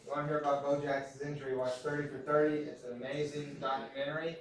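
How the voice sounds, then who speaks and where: A man from Texas teaches a class through relaxed, self-mocking stories, his voice a little high and level as he talks fast. The recording comes from far off in a large, echoey classroom.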